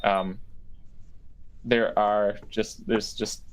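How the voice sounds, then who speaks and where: A man's voice: lowish voice, level tone, drawn-out words, poor audio. A man running a tabletop game as game master, describing rooms with lots of fillers and self-corrections.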